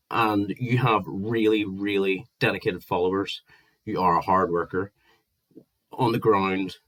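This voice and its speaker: A young Northern Irish man with a deep, low voice vents into the camera. He rants with exasperation and swears heavily. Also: a bit bright. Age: 20s. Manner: heated, sweary, exasperated ranting. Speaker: vlogger. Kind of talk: angry ranting monologue.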